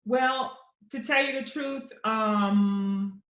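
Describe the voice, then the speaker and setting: Animated woman poet on an echoey call. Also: on the high side, extremely slow. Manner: animated storyteller acting out quoted voices. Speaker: poet answering audience questions. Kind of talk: conversational Q&A at a virtual book launch. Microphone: computer mic on a video call. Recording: roomy echo on a video call.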